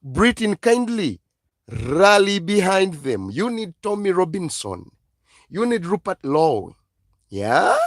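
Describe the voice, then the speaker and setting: A man's voice: high-pitched, big pitch swings, takes it slowly, no room sound, clean studio sound. A man from Africa with an African accent, delivering an impassioned live-stream monologue full of emphatic, repeated exhortations. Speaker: online channel host.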